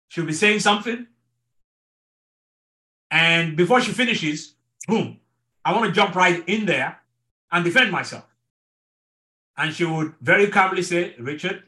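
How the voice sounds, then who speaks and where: A middle-aged pastor teaches an online marriage class in sermon style, earnest and repeating his words to stress each point. His voice sits high with a sharp tone.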